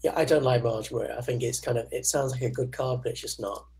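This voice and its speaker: A man's voice: mid-range voice, fairly even intonation, fast, mellow. A British man from the United Kingdom chatting casually about a card game, easygoing and giving brief replies.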